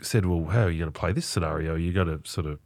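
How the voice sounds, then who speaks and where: A man's voice: low-pitched, fast talker, a little mellow, no echo, studio quality. An Australian man hosting a podcast, talking in a rambling, self-deprecating way. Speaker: podcast host. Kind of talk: casual chat.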